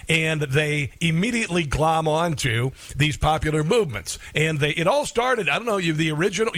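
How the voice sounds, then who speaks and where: A man's voice: fairly high pitch, a bit bright, dry recording. Emphatic talk radio host, man. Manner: emphatic, mocking, laughs often. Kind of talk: opinionated talk radio monologue. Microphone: studio microphone.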